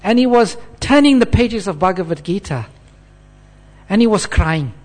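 A man's voice: high-pitched, lively intonation, moderate pace, a little mellow. A man preaching a scripture class in an earnest sermon style, checking in with his listeners as he goes.

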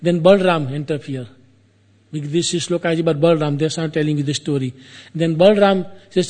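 A man retelling an epic tale in a casual storytelling style, his phrasing loose and halting, with repeats and asides to the listener. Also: fairly high pitch, a little mellow.

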